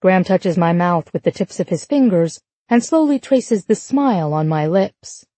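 A woman's voice: on the low side, animated, normal speed, warm tone, no room sound. A woman narrating a first-person romance audiobook in an intimate, lightly amused tone.

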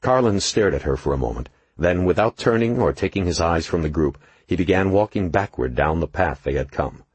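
A man narrating an audiobook in an expressive, measured storytelling manner. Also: low voice, slightly rough, no room sound. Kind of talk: scripted narration.

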